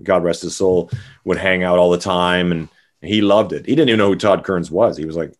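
A man's voice: low-pitched, fairly even intonation, fairly quick. A middle-aged man from Canada, a musician chatting casually as an interview guest, rambling with many fillers and restarts.

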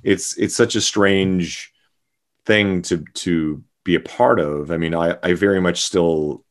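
A man's voice: deep voice, slow pace. A middle-aged man from Canada, a musician chatting casually as an interview guest, rambling with many fillers and restarts.

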